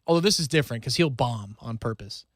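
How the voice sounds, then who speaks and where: A man's voice: medium pitch, lively intonation, fast talker, no echo, studio quality. A man co-hosting a sports radio show, giving blunt, opinionated takes in casual banter.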